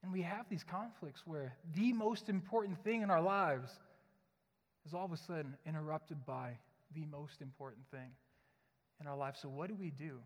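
A man's voice: on the high side, moderate pace. A young adult man, a pastor, preaching a sermon in a conversational, joking, storytelling manner. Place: church sanctuary. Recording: long hall reverb.

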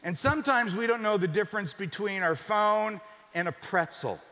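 A high, bright-voiced man preaches to a large church, emphatic and dropping to a near-whisper for the points that matter most. His voice carries a long reverberant hall tail. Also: normal speed. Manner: emphatic, drops to a hush for key points. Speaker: pastor. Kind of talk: sermon.

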